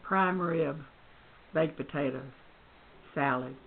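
A woman's voice: low voice, slow, vocal fry. An older woman being interviewed, who answers questions in short, dry words. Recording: tinny phone-like sound.

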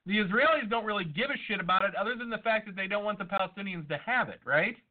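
Man, high voice, casual podcast chat, swearing, joking, tinny narrow-band audio. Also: animated, fast. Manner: argumentative, jokey, swears a lot. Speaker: podcast co-host. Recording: tinny phone-like sound.

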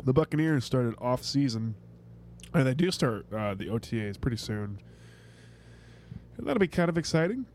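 A man's voice: medium pitch, big pitch swings, moderate pace, long pauses, a little mellow, slight background noise. A man hosting a sports podcast, chatting casually and ranting with swearing and frequent restarts. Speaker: podcast host.

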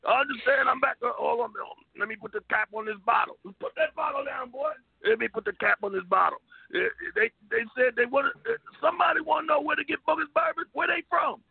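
A man playing a rowdy, boozy old uncle on a radio talk show, gravelly and stammering, shouting out bawdy jokes. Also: very high-pitched, fast talker, few pauses, dry recording. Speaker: regular comic character. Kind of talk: comic radio call-in bit. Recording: tinny phone-line radio audio.

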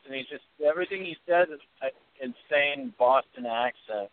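A man's voice: medium pitch, normal speed, hardly any pauses, no room sound. A man hosting a podcast, recapping a TV show in casual, rambling talk full of restarts. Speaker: podcast host. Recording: tinny phone-line audio.

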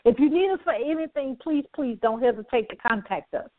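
A woman hosts a talk broadcast with a high voice that comes through a thin, phone-like line. She is effusive, repeats her phrases, laughs often and hits key words with preacher-like emphasis. The sound is close and dry. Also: brisk, dry recording. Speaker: talk show host. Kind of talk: enthusiastic broadcast outro.

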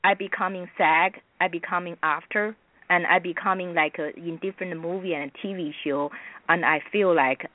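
A woman from China with a Chinese accent, whose first language is Mandarin, being interviewed as a guest actress on radio; she talks haltingly and restarts often, in simple non-native grammar. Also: fairly low pitch, steady tone, no room sound. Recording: dry, tinny phone line.

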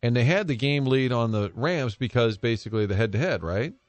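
Relaxed joking male co-host, dry. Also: mid-range voice, a little fast, no room sound. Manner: relaxed, joking, thinks aloud. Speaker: show co-host. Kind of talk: casual sports chat.

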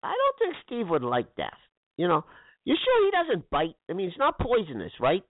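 A man playing an excitable, exasperated young male sidekick who stammers and gets flustered. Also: normal speed, no echo, heavily acted. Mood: chummy. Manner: flustered, stammering, jumpy pitch. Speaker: co-host. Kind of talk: comedy sketch acting. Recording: tinny phone-like dry sound.

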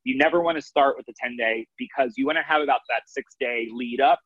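A man's voice: mid-range voice, quick pace, a bit bright, breathy edge, dry recording, muffled recording. A man in his thirties, an author and coach, talking in a loose, rambling way with many restarts. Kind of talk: casual interview talk.

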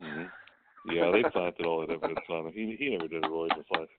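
Fast deep-voiced sports radio co-host. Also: male voice, very noisy. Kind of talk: casual sports radio banter. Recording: tinny phone-like line.

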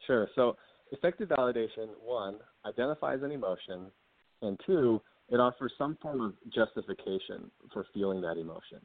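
A man who is an author explains his ideas as an interview guest, earnest and quick to laugh, acting out example dialogue. His voice is on the low side and animated, with no echo, over a dry, tinny phone-like line.

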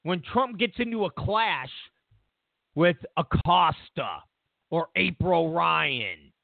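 This is a show host's casual political rant, sarcastic and mocking toward the news. He speaks in a high, creaky voice with no echo, captured over a thin, phone-like dry line.

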